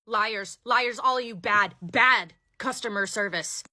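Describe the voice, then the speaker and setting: A pushy, rude customer in a comedy skit, as a woman puts her on, snapping out demands and accusations. The voice is bright and sharp. She is impatient and huffy. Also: on the high side, measured pace. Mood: accusing.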